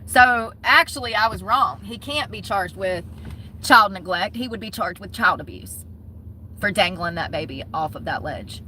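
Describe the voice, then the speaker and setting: Blunt, bright-voiced Southern woman ranting. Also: mid-range voice, lively intonation, normal speed, a little hiss or hum. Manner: blunt, heated, swears freely. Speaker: vlogger. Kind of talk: casual ranting vlog.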